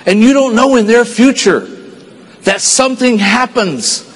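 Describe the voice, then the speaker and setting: A man from Texas giving an earnest, storytelling speech to a conference audience, dropping low and quiet at the sad parts. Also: measured pace, breathy edge, in a large hall, poor audio. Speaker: motivational speaker.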